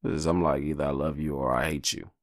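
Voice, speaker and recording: Low gravelly man, rambling podcast talk. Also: a little fast, no echo, studio quality. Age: adult, married with kids. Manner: rambling, profane, animated, jumps into high-pitched quoted voices. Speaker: podcast host. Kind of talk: casual solo podcast monologue.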